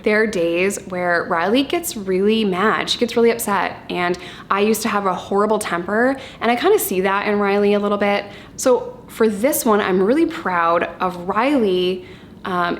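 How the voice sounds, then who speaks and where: A woman in her thirties talking candidly and casually to camera about her parenting, chatty and quick to laugh. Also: medium pitch, slight background noise. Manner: candid, chatty, laughs easily, occasional swearing. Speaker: parenting vlogger.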